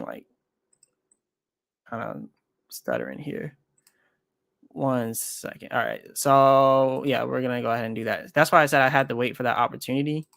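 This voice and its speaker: A man's voice: mid-range voice, creaky, a bit bright, no room sound. Casual rambling man, dry close sound. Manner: rambling, self-correcting, thinks aloud while trading. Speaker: crypto trading streamer. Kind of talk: casual livestream chat.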